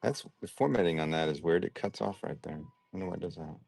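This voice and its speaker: A man's voice: deep voice, fast talker, gravelly, a little mellow, slightly rough, faint music behind. A man hosting a livestream, chatting casually and thinking aloud while he sorts and packs orders. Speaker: livestream host sorting and packing toy brick orders. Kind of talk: casual chat while working.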